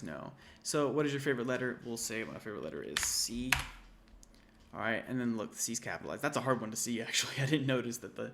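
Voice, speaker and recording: A man with a mid-range, creaky, slightly bright voice tutors an intro programming class in a screen-recorded coding walkthrough. He thinks aloud casually and corrects himself as he types, with keyboard clicks and slight background noise behind him.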